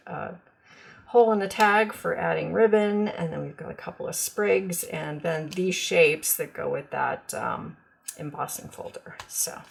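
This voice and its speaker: A woman's voice: on the low side, gravelly. A woman demonstrating craft products in a casual, chatty show-and-tell, full of ums and gushing over cute designs.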